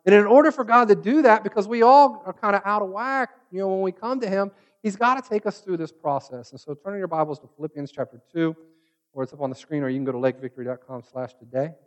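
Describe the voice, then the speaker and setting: A man's voice: sits high, fast, dull audio. A man preaching a sermon, telling a personal story in a conversational way and acting out the voices he quotes. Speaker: pastor.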